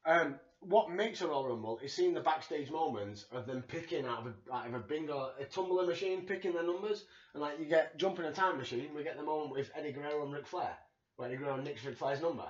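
A man with a Yorkshire accent co-hosting a podcast, talking in an animated, excitable way and swearing freely. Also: a little high, fast. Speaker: podcast co-host. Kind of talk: casual chat. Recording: echoey room, dull lo-fi sound.

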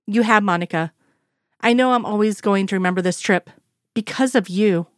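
A woman reading the lines of a middle-aged male federal agent in a dry, gently teasing way. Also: medium pitch, moderate pace, no echo, lightly acted. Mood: tender.

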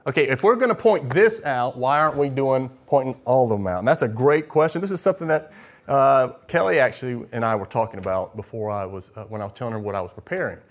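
Pastor, male, mid-pitched, teaching sermon, explanatory, asks rhetorical questions. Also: lively intonation, quick pace.

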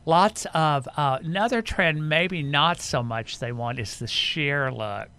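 A man's voice: fairly high pitch, takes it slowly, bright, forceful tone, clear, resonant tone. A man guest in a casual podcast chat, enthusiastic as he runs through trends. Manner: enthusiastic, lists names and trends. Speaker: fashion guest.

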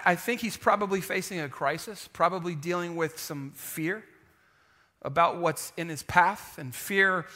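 A man preaching a sermon in an animated, humorous way, calling out to the congregation and dropping to a hushed voice to drive points home. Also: a little high. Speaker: pastor.

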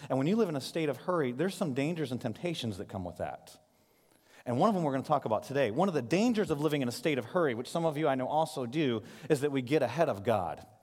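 A man in his thirties preaching a sermon from a stage, telling stories in an animated way with quick asides. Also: mid-range voice. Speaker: pastor. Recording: live sermon in a reverberant hall.

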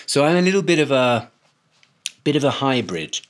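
Middle-aged man, English accent, dry wit, halting podcast guest chat. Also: mid-range voice, sing-song. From born in Hawaii, raised in Portugal and England. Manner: wry, self-deprecating, hesitant restarts.

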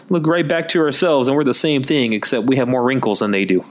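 A man's voice: medium pitch, a little fast. A man giving a conversational Catholic Advent sermon in a folksy, chatty way, calling listeners folks. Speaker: Catholic preacher.

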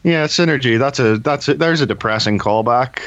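A man's voice: mid-range voice, normal speed, a bit bright, no room sound, highs cut off. A man co-hosting a gaming podcast, chatting casually in a wry, rambling way and correcting himself as he goes. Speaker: podcast co-host. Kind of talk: casual chat.

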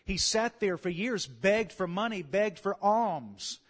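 High-voiced Southern preacher, swelling loud. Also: male voice, slow pace, husky. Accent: Louisiana Southern US. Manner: animated, swells to loud calls of "come on" and "amen". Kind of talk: sermon.

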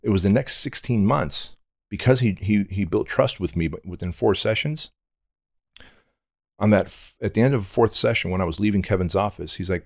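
A man's voice: on the low side, normal speed, gravelly, darkish tone, dry recording, studio quality. A middle-aged man from Armenia, a podcast guest telling his story in a blunt, intense, candid way with casual swearing.

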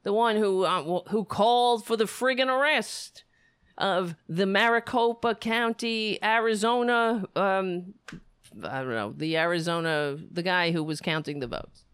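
A woman's voice: medium pitch, a little slow, fairly bright tone, clean tone, no room sound, studio quality. A woman giving ranting political commentary, heated, sarcastic and swearing freely.

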